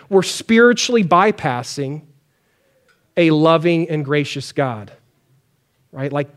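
A man with a high voice preaches a sermon in a conversational, chatty way. He acts out pleading prayers as he goes. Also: slow, long pauses. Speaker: pastor.

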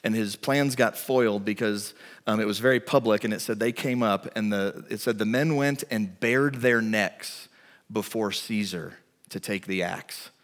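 A man's voice: lowish voice, normal speed, a bit bright. Conversational male pastor in a reverberant hall. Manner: conversational, storytelling delivery. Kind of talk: sermon. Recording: long reverb of a large hall.

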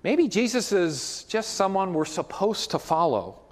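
A man's voice: high-pitched, big pitch swings, measured pace, in a large hall. A man preaching a sermon as pastor, in a conversational way with frequent asides to the congregation.

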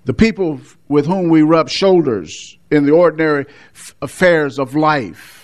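A male pastor delivers a measured sermon. His voice sits fairly high for a man, and he leans hard on repeated words for emphasis. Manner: measured preaching with emphatic repetitions.

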